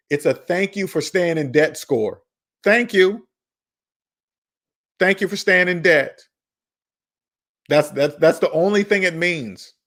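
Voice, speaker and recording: A man hosting a personal finance channel, talking in an emphatic, preachy way, repeating his points and scolding viewers. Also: a little high. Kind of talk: emphatic monologue.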